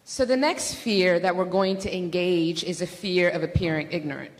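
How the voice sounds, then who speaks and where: A woman giving a measured lecture in a lecture hall and repeating phrases for emphasis. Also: on the low side. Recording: reverberant hall.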